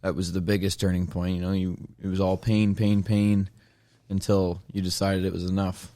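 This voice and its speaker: A man's voice: low-pitched, little pitch movement, normal speed, mellow, no room sound. A male podcast host asking long, rambling questions full of fillers and restarts. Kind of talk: casual interview.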